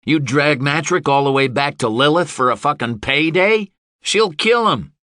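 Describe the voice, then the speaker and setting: A male audiobook narrator voicing a foul-mouthed, aging mercenary who rants loudly and sarcastically. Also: fairly high pitch, lively intonation, moderate pace, no room sound, studio quality, voice pushed up. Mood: furious. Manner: loud, shouting and sarcastic.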